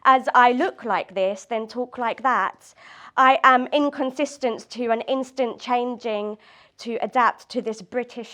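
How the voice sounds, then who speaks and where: A woman's voice: fairly high pitch, sharp tone. A woman poet chatting loosely and laughing often, then reading her own poems at a live event. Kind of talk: poetry reading and casual chat.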